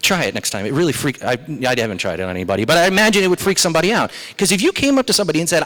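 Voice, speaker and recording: A male pastor delivering a sermon, moving between slow, weighty lines and quick, chatty asides. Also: fairly high pitch. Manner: animated, shifts between slow emphatic phrases and quick asides.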